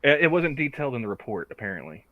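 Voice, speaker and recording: A man's voice: mid-range voice, sing-song, quick pace, phone-quality sound. A man co-hosting a podcast, joking around in casual chat with stammering restarts. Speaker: podcast co-host.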